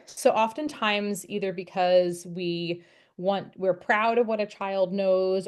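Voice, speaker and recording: A young woman, a teacher of the deaf, presenting a friendly, step-by-step parenting webinar. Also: mid-range voice. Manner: friendly, encouraging, explains step by step.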